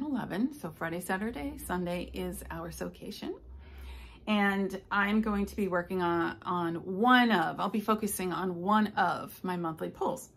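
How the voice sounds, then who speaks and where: An older woman, a stitching vlogger, chatting casually and telling rambling stories with soft asides. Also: medium pitch, slightly rough. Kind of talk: casual chat.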